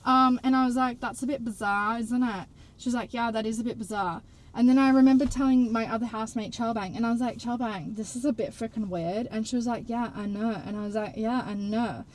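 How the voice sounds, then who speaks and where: A woman's voice: a little high, a little fast, rough recording. Chatty woman talking in her car. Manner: chatty, animated, acts out dialogue, swears casually. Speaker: vlogger. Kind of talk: casual storytelling. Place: in a parked car.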